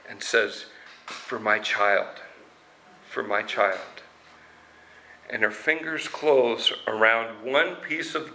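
A man retelling a story expressively, slow and dramatic, acting out the parts. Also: medium pitch, pushed and bright, rough recording.

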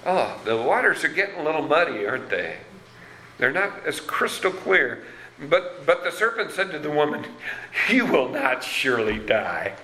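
A man preaching a sermon as pastor, slow and deliberate, reading scripture with dramatic emphasis. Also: on the high side, lively intonation, bright, forceful tone, a little hiss or hum. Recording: roomy echo.

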